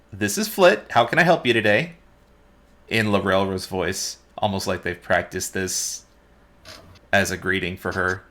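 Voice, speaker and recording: A man narrating as dungeon master of a tabletop game, relaxed and unhurried with small hesitations. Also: lowish voice.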